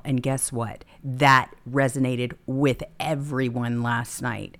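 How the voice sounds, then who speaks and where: A woman's voice: a bass voice, unhurried, few pauses, a bit bright. A woman hosting a political talk show, speaking in an emphatic, preachy way.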